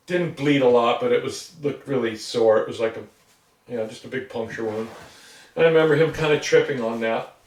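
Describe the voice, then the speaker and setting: Older man telling a story in a roomy space. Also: mid-range voice. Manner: rambling storyteller who acts out what others said. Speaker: interviewee. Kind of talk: casual recollection. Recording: roomy sound from a distance.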